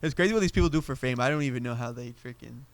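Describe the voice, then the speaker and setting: A man's voice: medium pitch, very fast, no room sound. A man co-hosting a casual podcast, talking in a laid-back, slangy way and often trailing off mid-sentence. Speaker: podcast co-host. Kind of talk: casual chat.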